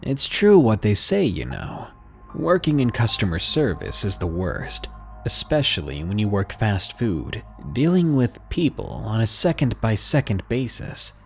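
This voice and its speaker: Male narrator for true horror stories; animated, dramatic delivery over soft background music. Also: lowish voice, measured pace, slightly rough. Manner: expressive, dramatic reading with hushed asides. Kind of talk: scripted horror story narration.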